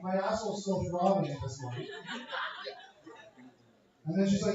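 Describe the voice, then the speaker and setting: Profane stand-up comic from Canada. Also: male voice, sits high, expressive, a little slow, long pauses. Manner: crude, profane, riffing with the crowd. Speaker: stand-up comedian. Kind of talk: stand-up set. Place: comedy club stage. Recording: echoey, dull club recording from far off.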